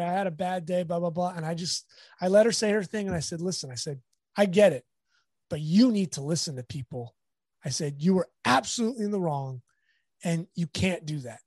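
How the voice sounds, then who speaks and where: A sports photographer with a high voice tells stories in a casual interview, acting out the people he quotes. He's an animated storyteller, and the recording has no room sound.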